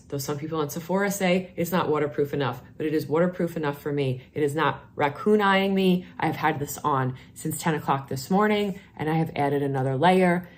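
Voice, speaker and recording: A woman's voice: low voice, slight background noise. A middle-aged woman with a New York accent, chatting enthusiastically through a casual product review vlog. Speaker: vlogger, nurse.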